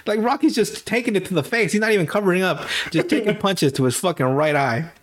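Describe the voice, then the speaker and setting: A young man hosts a casual movie podcast, talking in a loose, rambling way. He swears freely and his voice sits a little on the high side. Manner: rambling, swears often, acts out characters with quick put-on voices. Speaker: podcast host. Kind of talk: casual movie recap chat.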